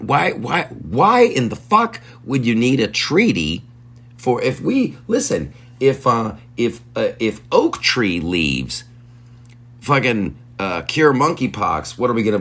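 Lively low-voiced man ranting comedically. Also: creaky, breathy edge. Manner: profane, incredulous, stumbling restarts. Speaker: comedy podcast host. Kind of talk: rambling comedic rant.

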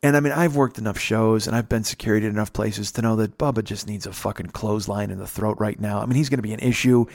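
A man's voice: on the low side, fairly even intonation, fast, creaky, few pauses, darkish tone, no room sound, studio quality. A man hosting a podcast, telling a story in a casual, rambling, profane way. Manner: profane, rambling, laid-back. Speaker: podcast host.

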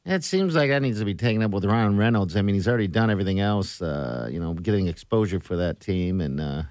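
A man's voice: lowish voice, dry recording, clean studio sound. A man hosting a morning radio show, joking and chatting casually with his co-hosts. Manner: lively, quick to laugh and joke.

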